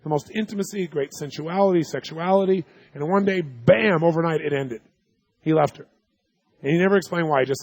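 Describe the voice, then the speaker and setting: A man's voice: fairly high pitch, a little fast, creaky, dry recording. A man giving a live seminar talk, telling stories emphatically and quizzing the audience with yes-or-no questions. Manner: emphatic, storytelling delivery. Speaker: seminar speaker.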